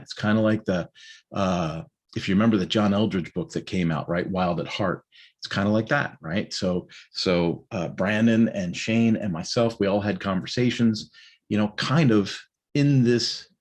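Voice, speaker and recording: A man's voice: lowish voice, moderate pace. A middle-aged man casually talking through his day in a rambling morning check-in, with lots of fillers and tag questions. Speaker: host of a morning check-in live stream. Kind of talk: casual personal monologue.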